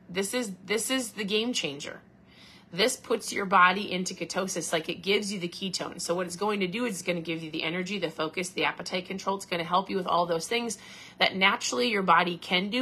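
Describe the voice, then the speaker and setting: Bright-voiced woman chatting casually. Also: fairly low pitch, slightly rough. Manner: chatty, quotes others in animated voices. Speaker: podcast host. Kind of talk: casual live talk.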